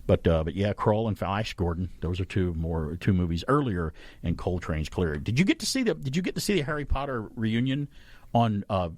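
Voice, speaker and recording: A man's voice: lowish voice, big pitch swings, a little fast, darkish tone, no room sound. A man hosting a talk radio show, chatting at length and correcting himself as he rambles along. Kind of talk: casual chat radio talk. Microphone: studio microphone.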